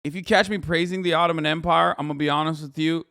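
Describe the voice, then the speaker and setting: A man's voice: on the high side, fairly even intonation, fast, bright, forceful tone, no echo, clean studio sound. A man hosting a live stream, joking crudely and rambling in casual chat. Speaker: streamer host.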